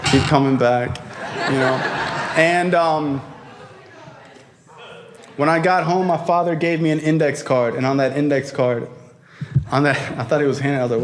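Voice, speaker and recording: A man in his thirties telling his recovery story to a convention audience, in a raw, profane, emphatic way that rises to shouts. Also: on the high side, moderate pace, pauses often, very noisy. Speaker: recovery speaker. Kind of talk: storytelling talk to a crowd. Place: convention hall before an audience.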